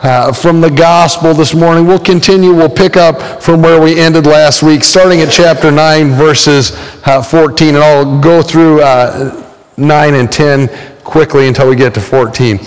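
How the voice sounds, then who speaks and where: Pastor, man, slightly high voice, relaxed storytelling sermon with fillers, long church reverb. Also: unhurried, clean tone. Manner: conversational storytelling with frequent fillers, acting out quoted voices.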